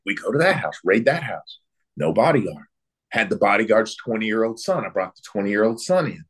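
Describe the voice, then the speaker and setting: A low, husky man recounts a story from his days as an interrogator. He talks in quick, clipped bursts and slips into the voices of the people he questioned. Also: very animated. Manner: brisk anecdotal storytelling, acting out quoted exchanges. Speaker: guest, former military interrogator.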